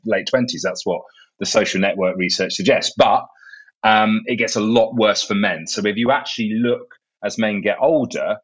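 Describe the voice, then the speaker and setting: A man's voice: fairly low pitch, dull audio. A man in his thirties with an English accent, a guest author explaining his ideas in a casual interview. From England. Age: 30s. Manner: articulate and explanatory, with small restarts.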